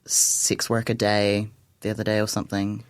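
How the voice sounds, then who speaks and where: A man's voice: lowish voice, completely flat delivery, normal speed, smooth, no room sound, clean studio sound. Sleepy New man on community radio. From New Zealand. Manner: laughs often, self-deprecating. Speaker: radio show co-host. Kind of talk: casual chat. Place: radio studio.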